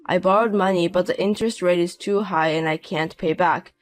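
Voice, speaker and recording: A man's voice: high voice, fairly even intonation, fairly quick, soft background music, close to an everyday voice. A man in his fifties voicing a broke, desperate ex-husband who talks in a pleading, self-pitying way, in a narrated audio drama. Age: 50s.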